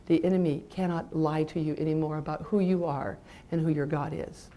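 A middle-aged woman from California, giving an emotional Christian testimony to an audience as a mother, moving between bright emphasis and hushed intensity. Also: deep voice, steady tone, fairly quick. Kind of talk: sermon-style personal testimony.

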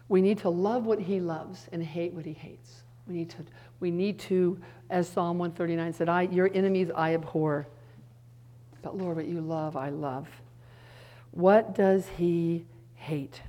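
A middle-aged woman giving an earnest sermon-style teaching, now and then dropping into soft hushed asides. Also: on the low side.

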